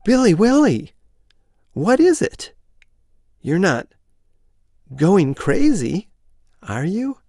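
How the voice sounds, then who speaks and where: A feather-brained young wife in a read-aloud story, put on by a male reader. Her voice jumps way up high, fussing and gushing at her husband. The recording is close and dry. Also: wildly swooping pitch, slow pace, pauses often, a little mellow, no echo, exaggerated voice. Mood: worried.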